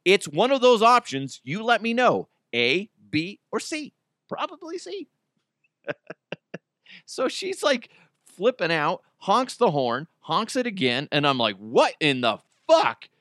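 Bright-voiced, profane male podcast host. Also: high voice, a little slow, no room sound, clean studio sound. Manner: animated and profane, voice jumping up in outbursts. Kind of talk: casual storytelling chat. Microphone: close studio microphone.

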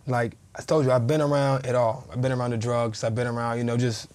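A man in his thirties, a former pro football player guesting on a podcast, tells a story in casual conversation and acts out the quoted dialogue with vivid flair. His voice sits at medium pitch with a darkish tone, and he talks fast in a level way.

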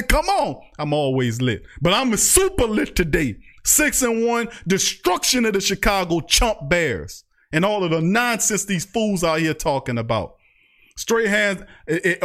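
New guy hosting a live sports stream, high voice, all fired up and trash talking. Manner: loud, hyped, trash-talking, reads out chat. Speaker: podcast host. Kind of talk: fired-up livestream sports talk.

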